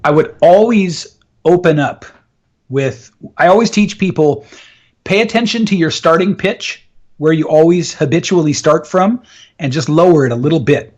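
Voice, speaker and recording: A man's voice: on the high side, normal speed, a little mellow. A man in an interview, enthusiastically explaining voice and communication techniques and often laughing. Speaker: voice and communication coach.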